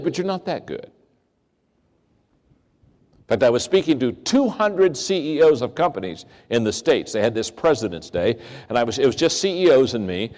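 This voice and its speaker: An older leadership speaker delivers a storytelling keynote, animatedly acting out the people in his stories with big pitch swings for their quoted voices. A large hall's long reverb hangs over the recording.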